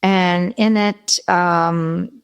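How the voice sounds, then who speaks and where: A woman's voice: fairly low pitch, steady tone, extremely slow, clear, resonant tone, highs cut off, faint music behind. A middle-aged woman, a guest vocalist, telling a long story in an interview and often correcting herself as she goes. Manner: rambling, self-correcting storyteller.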